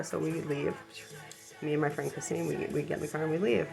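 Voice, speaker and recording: Woman vlogger, low and gravelly, rambling casual storyteller, music behind. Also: fast talker. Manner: rambling, full of ums and likes; self-deprecating, embarrassed about the story. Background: background music.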